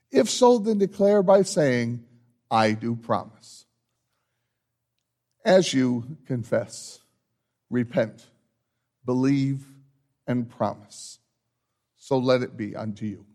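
A man serving as pastor, giving church announcements and then leading a confession and absolution in a measured, solemn way. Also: sits high. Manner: measured, solemn liturgical delivery with lively rises.

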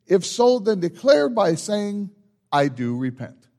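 Lively-voiced pastor leading a liturgy. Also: male voice, high voice. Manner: measured, solemn liturgical delivery with lively rises. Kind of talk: church announcements and liturgy.

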